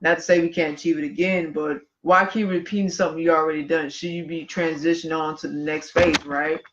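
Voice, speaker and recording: A man, co-hosting a podcast. He reads history passages in a relaxed, conversational way and stops for offhand comments. The audio is muffled and lo-fi, like a livestream. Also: fairly high pitch, a little fast. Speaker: podcast co-host. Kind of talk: casual podcast talk, reading history.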